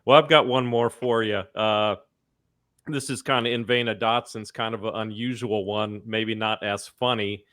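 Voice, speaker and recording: A man's voice: fairly low pitch, steady tone, normal speed, fairly bright tone, dry recording, studio quality. A man hosting a podcast, telling a story in a rambling, chatty way. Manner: rambling, chatty, many fillers and restarts. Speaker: podcast host. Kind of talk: casual storytelling.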